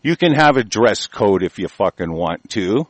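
A man's voice: lowish voice, big pitch swings, normal speed, no echo. A man hosting a commentary show, delivering an angry, profane rant and stumbling over words as he reads a news article aloud. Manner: aggressive, cursing, stumbles while reading aloud.

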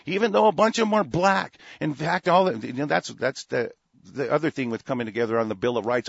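Husky, heated talk radio host man. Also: mid-range voice, fairly bright tone, no echo, lo-fi sound. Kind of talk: internet talk radio monologue.

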